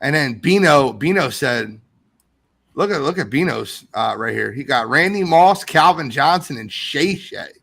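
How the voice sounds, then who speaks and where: A man hosting a casual live sports podcast, reading viewer comments aloud in an animated way. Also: medium pitch, measured pace, creaky. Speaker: podcast host.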